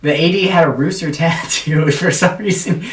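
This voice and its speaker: A man's voice: on the high side, fairly even intonation, moderate pace, recorded from a distance. A man hosting a casual talk show, teasing and joking with his guests. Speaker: host. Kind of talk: casual chat. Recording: roomy sound from off mic.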